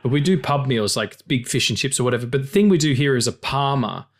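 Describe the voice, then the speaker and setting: A man's voice: mid-range voice, fast talker. An Australian man hosting a podcast, in a casual, jokey, swearing chat. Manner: animated, swearing, jokey storytelling. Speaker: podcast host.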